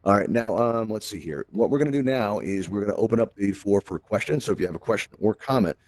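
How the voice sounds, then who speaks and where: A man with a fairly low voice hosts a virtual-reality tutorial, talking fast and walking people through steps. His manner is upbeat and jokey. The sound is dry, through a headset mic. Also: lively intonation, darkish tone, no room sound. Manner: upbeat, jokey step-by-step explaining. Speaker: host and instructor.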